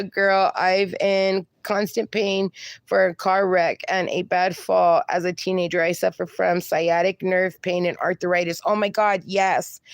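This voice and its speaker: A woman's voice: mid-range voice, no echo, studio quality. Chatty woman live-streaming. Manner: chatty, affectionate, calls viewers darling. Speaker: livestream host. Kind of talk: casual live-stream chat, reading viewer comments aloud.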